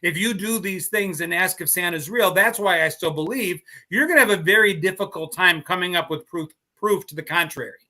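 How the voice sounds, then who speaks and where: Bright, high-voiced man telling stories. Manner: animated storytelling, quick to laugh. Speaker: podcast co-host. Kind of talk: casual live podcast chat.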